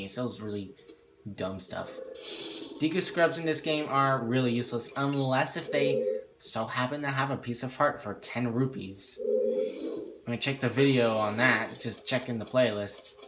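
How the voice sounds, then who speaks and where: A man's voice: mid-range voice, background noise. A young man casually commenting on his own game walkthrough, chatty and sarcastic, often correcting himself. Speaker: walkthrough host. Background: game music.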